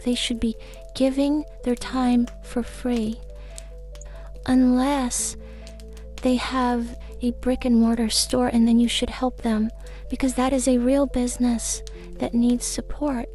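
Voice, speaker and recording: A woman's voice: high-pitched, dark tone, pitched above the performer's own voice. A woman voicing a small, fussy female garden fairy who lectures in a preachy, easily agitated, rambling way. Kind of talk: comic character podcast chat.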